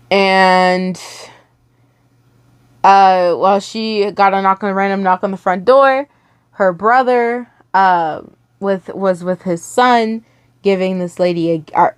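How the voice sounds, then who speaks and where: A woman's voice: mid-range voice, clean tone, no echo, studio quality. A young woman reading a listener story aloud in a casual way, stumbling over words and stopping to react.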